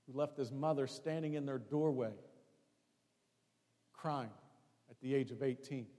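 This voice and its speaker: A man preaching a sermon as pastor, building emphasis and then dropping to hushed storytelling. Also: mid-range voice, unhurried. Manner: preaching with rising emphasis, drops to hushed tones for stories. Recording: long hall reverb.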